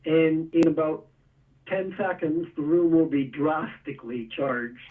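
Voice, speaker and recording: A man's voice: fairly high pitch, steady tone, a little slow, distant mic, narrow, tinny audio. A man being interviewed, explaining step by step with a few chuckles. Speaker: guest, energy tool maker. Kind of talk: casual interview.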